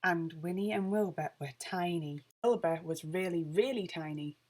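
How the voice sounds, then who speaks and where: A woman reading a children's picture book aloud with lively, expressive storytelling. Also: on the low side, moderate pace. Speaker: storybook reader.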